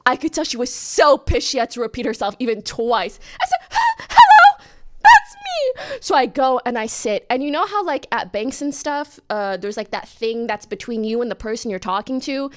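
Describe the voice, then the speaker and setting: A woman from Canada tells a story as a streamer, casual and animated. Her voice sits high and swings widely in pitch, and it jumps even higher whenever she quotes herself. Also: a little fast, hardly any pauses.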